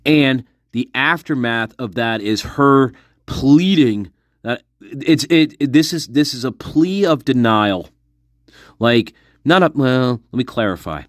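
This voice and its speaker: A man's voice: mid-range voice, expressive, slow pace, no room sound, studio quality. A man talking to his viewers in a casual monologue, speculating intensely, repeating himself and swearing often. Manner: intense, repetitive, profane speculation. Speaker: online commentator.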